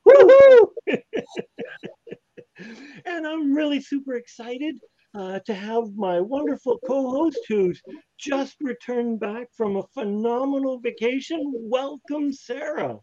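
A man from Canada hosting a live online talk show, upbeat and joking, excitable as he welcomes his co-host and guest. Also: very high-pitched, slow pace, no echo, dull audio.

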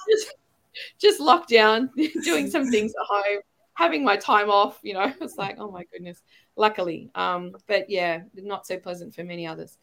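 A gravelly but fairly bright mid-range voice comes from a middle-aged Australian woman talking at a measured pace. She's a podcast guest in a casual interview, rambling and chatty, with light laughter between phrases.

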